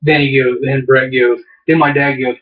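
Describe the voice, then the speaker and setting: A man chatting on a podcast, winding through a story with plenty of "uh"s and false starts. His voice sits at an ordinary pitch and sounds set back from the microphone. The recording is muffled and lo-fi. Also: flat delivery, normal speed. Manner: rambling storyteller, many fillers and restarts. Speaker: podcast co-host. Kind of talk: casual chat. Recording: distant, dull lo-fi mic.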